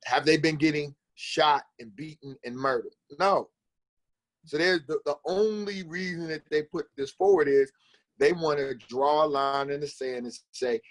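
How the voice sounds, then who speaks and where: A man on a discussion panel making a forceful, rhetorical point. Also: fairly high pitch, steady tone, normal speed. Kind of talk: conversational panel talk.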